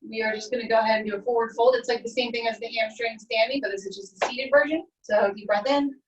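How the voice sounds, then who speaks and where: Fitness instructor, woman, higher voice, calm step-by-step stretch cues, laptop mic set back in an echoey room with faint music. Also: quick pace, far from the mic, highs cut off. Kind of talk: guided stretching class.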